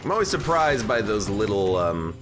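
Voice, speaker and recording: A man talks through a video game run in a loose, rambling way and keeps restarting his sentences. His pitch swings up and down a lot as he reacts. Game music plays clearly behind him. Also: big pitch swings, moderate pace. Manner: rambling, self-correcting, chatty. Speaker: game streamer. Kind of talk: casual let's-play commentary.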